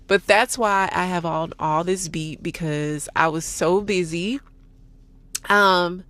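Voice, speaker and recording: A woman's voice: fairly low pitch, slow pace, a bit bright, no room sound. A woman in her forties from Texas, talking to her viewers in a chatty, candid vlog and calling them y'all. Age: 40s. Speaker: vlogger. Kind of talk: casual vlog chat.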